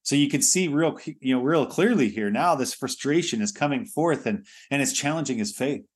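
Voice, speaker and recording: A man's voice: medium pitch, expressive, normal speed, breathy edge. A man preaching a sermon in a conversational way, often restarting phrases and filling with "you know".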